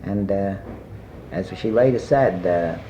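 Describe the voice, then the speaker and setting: An older man being interviewed, telling a long personal anecdote in a rambling way with many pauses and fillers. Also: low voice, warm tone, a little hiss or hum. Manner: rambling anecdotal, frequent "uh" and asides. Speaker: interviewee recalling his past. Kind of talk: oral history storytelling. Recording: muffled archival tape.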